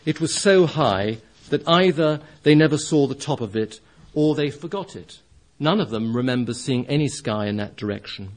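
Male preacher, storybook reading, mid-pitched, expressive. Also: normal speed. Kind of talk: reading a story aloud in a sermon.

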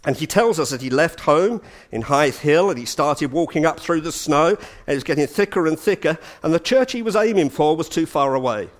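A man giving a storytelling lecture, animated and full of chatty asides. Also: fairly high pitch, a little fast. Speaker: speaker giving a talk.

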